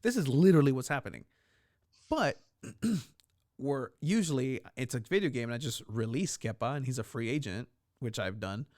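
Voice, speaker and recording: A man's voice: mid-range voice, animated, darkish tone. A man, chatting casually about soccer as a podcast co-host, rambling with restarts and laughs. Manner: rambling, halting, laughs often. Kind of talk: casual sports chat.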